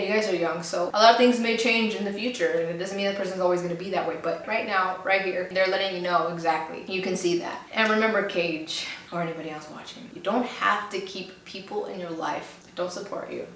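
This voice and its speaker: A woman's voice: lowish voice, a bit bright, heavy reverb, recorded from a distance, a little hiss or hum, rough recording. A woman talking straight to her viewers with earnest, encouraging advice, repeating phrases for emphasis. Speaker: advice vlogger. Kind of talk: heartfelt advice monologue to camera.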